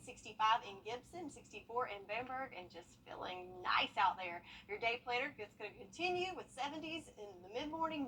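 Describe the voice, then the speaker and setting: A woman's voice: a little high, fairly bright tone, recorded from a distance, a little hiss or hum, rough recording. A woman presenting the morning weather forecast in a friendly, chatty manner. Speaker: weather anchor.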